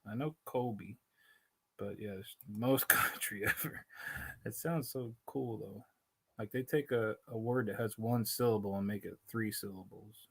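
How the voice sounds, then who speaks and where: A man's voice: lowish voice, a little slow, gravelly, fairly bright tone, slightly rough. A man hosting a casual livestream, rambling and interrupting himself, talking into a laptop mic, with a Spanglish accent. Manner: rambling, self-interrupting, laughs often. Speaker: livestream host.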